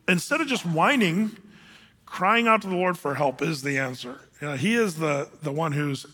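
A man's voice: sits high, animated, fairly quick, bright, forceful tone. A middle-aged male pastor giving a casual Bible teaching, talking conversationally with fillers and restarts. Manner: conversational, many fillers and restarts, acts out scripture quotes. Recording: long hall reverb.

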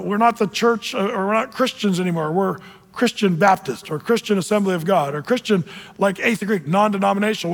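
A male pastor preaching a sermon in an animated, conversational teaching style with frequent asides, in a church sanctuary. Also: high-pitched, big-room sound.

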